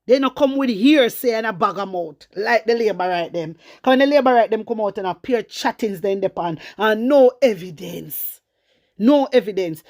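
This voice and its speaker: A woman with a Jamaican accent giving fiery political commentary, slipping between Patois and English and throwing in repeated rhetorical questions. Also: a little high. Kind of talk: opinionated commentary vlog.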